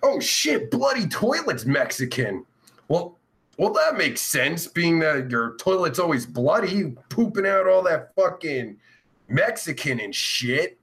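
A man hosting a crude livestream chat show, yelling, swearing and cackling as he reads comments. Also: on the high side, very animated, measured pace. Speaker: host.

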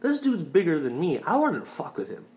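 A man's voice: a little high, huge pitch swings, normal speed, darkish tone. A young man in casual, rambling movie talk, swearing freely and drifting into tangents as he reviews films. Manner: rambling, profane, wanders off on tangents.

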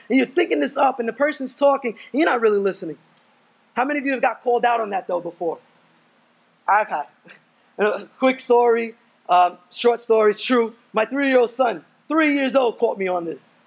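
A man's voice: extremely high pitch, creaky, highs cut off. A young adult man preaching a sermon in a casual, conversational way, telling stories with asides. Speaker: pastor.

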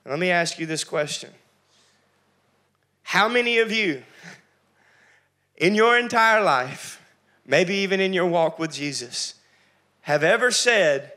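Brief: male preacher, middle-aged, high and bright voice, animated delivery that jumps into character voices. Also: unhurried, pauses often. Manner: animated, acting out quotes with big pitch jumps. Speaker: pastor. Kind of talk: sermon.

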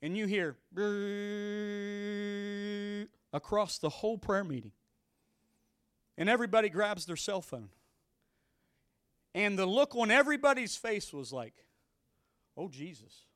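A man's voice: high-pitched, big pitch swings, moderate pace, long pauses, fairly bright tone, dry recording, studio quality. A middle-aged male pastor telling a story in a sermon and pressing his point with emphatic, repeated exhortations.

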